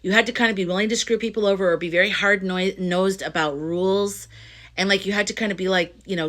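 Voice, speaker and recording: A woman's voice: mid-range voice, fairly even intonation, fast, a bit bright. A middle-aged woman talking straight to her viewers in a casual spiritual monologue, rambling and earnest, full of restarts and fillers. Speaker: astrology and tarot reader.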